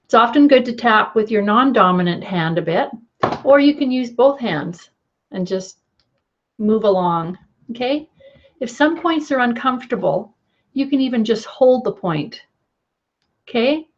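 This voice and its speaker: A middle-aged woman coach guiding a tapping lesson in a gentle, encouraging way, often checking in with "okay". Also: on the high side, lively intonation, measured pace, long pauses, dull audio.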